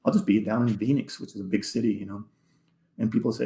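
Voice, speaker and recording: Gravelly-voiced man telling a heartfelt story. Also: lowish voice, fairly even intonation, warm tone. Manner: halting, repeats words, drops to near-whisper. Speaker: podcast guest. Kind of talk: emotional personal storytelling in a podcast interview. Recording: echoey room.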